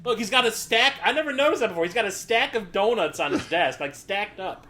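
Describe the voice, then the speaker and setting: Bright, lively male podcast co-host. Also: sits high, a little fast. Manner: joking, laughs often. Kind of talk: casual movie commentary.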